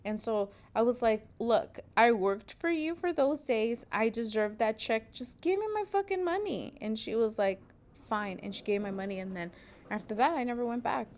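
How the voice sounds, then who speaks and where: A woman's voice: a little high, normal speed. A young woman hosting a podcast from a sewing studio, telling a story in a casual, profane way and acting out what people said. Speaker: podcast host, seamstress.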